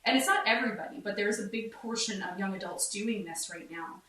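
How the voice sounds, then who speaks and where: A young adult woman hosting a casual podcast interview, chatty and quick to laugh. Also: mid-range voice, sharp tone, far from the mic. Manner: chatty, laughs often, quick topic shifts. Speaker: podcast host. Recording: echoey room, voice off-mic.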